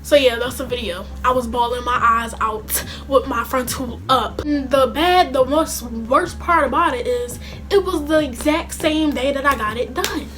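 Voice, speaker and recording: High-pitched chatty young woman. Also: normal speed, faint music behind. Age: young adult. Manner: animated, chatty, slangy and swearing. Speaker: vlogger. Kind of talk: casual storytime vlog.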